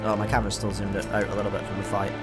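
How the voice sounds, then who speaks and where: A man's voice: on the low side, completely flat delivery, rapid-fire. Casual, joking man playing through a game. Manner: casual, joking, swears often. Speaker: gaming content creator. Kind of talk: let's play commentary, reading game dialogue aloud. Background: game music.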